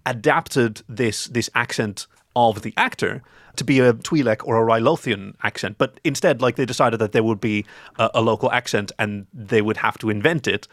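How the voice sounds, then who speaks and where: A man's voice: medium pitch, moderate pace, no echo, clean studio sound. A man co-hosting a comedy podcast, chatting in a wry, theatrical way. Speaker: podcast co-host. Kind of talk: casual chat.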